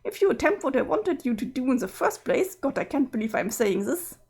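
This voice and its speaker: A guilty, exasperated young woman apologizes, coaxes and pleads, as a woman voices her while reading a webcomic aloud. The voice is high and lively, and it turns impatient when the pleading gets nowhere. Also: brisk, slightly rough, heavily acted. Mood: coaxing.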